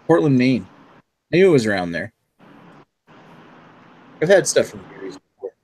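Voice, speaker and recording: A man's voice: mid-range voice, big pitch swings, moderate pace, darkish tone, slightly rough. A man from New Brunswick, Canada, hosting a casual beer chat and reading the beer news in a rambling, laid-back way with plenty of swearing. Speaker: beer podcast host.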